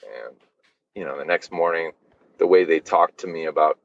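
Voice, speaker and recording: A man's voice: a bass voice, normal speed, vocal fry, no room sound, highs cut off. A man guesting on a podcast, telling a personal story casually, with lots of fillers and swearing. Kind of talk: candid storytelling.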